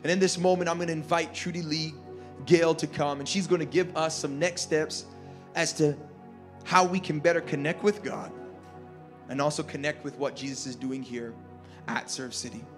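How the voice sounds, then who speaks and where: Fervent high-voiced male pastor. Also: fairly even intonation, normal speed, faint music behind. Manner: fervent, repetitive, builds to shouts. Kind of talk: altar call and sermon closing. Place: large church auditorium.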